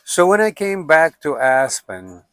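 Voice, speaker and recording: A man in his seventies from Russia, telling his life story in a musing, unhurried way. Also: fairly high pitch, big pitch swings, fairly bright tone, dry recording. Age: 70s. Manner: unhurried, musing, with frequent "you know" and "like". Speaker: documentary subject. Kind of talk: reflective personal storytelling.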